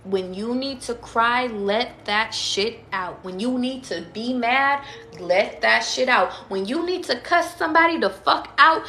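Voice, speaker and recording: A woman's voice: on the high side, unhurried, pushed and bright. A woman giving a casual live tarot reading, chatty and emphatic, swearing freely and calling out viewers by name. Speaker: tarot reader on a livestream. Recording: echoey room with faint noise.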